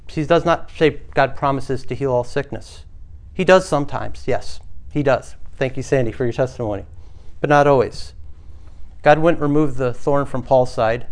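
Earnest man preaching a sermon. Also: mid-range voice. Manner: earnest, rhetorical questions to the congregation. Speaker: pastor.

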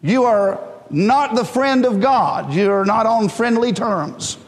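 A man's voice: high-pitched, slow pace, long reverb tail. A man, preaching a fervent sermon as pastor to a congregation. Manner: fervent, preaching in a rising call-and-response style. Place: church sanctuary.

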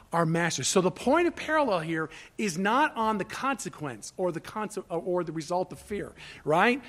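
A man with a notably high voice preaches from the pulpit as pastor. He poses rhetorical questions and answers them himself, swinging between ringing declarations and hushed, near-whispered asides. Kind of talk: sermon.

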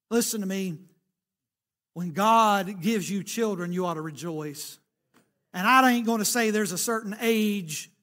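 A man's voice: high-pitched, pushed and bright. A man, preaching a sermon in a folksy storytelling way, swelling and dropping for emphasis. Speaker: pastor.

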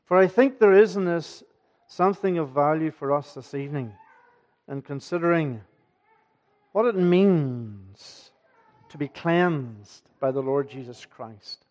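A man's voice: a little high, expressive, a little slow, darkish tone, highs cut off. A man preaching an evening sermon to his congregation, earnest and emphatic, often asking rhetorical questions. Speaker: pastor. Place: church.

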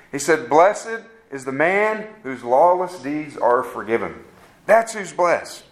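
A man's voice: medium pitch, fairly bright tone. A man preaching a sermon, conversational and asking the congregation questions. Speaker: pastor.

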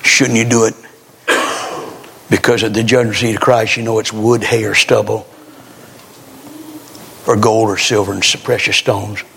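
A man preaching a revival sermon, swinging between loud exhortation and hushed scripture reading, full of folksy rhetorical questions. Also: on the low side, little pitch movement, normal speed, creaky, pauses often, slightly rough.

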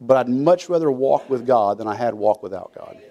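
A man's voice: mid-range voice, expressive, normal speed, mellow, highs cut off. A man preaching a folksy sermon, acting out quotes and often restarting his sentences. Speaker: pastor.

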